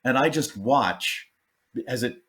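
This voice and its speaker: An older man, a comedian, telling stories in a casual chat and acting out the people he quotes. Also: slow pace. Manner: animated, acts out quotes with big jumps in pitch. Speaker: comedian guest.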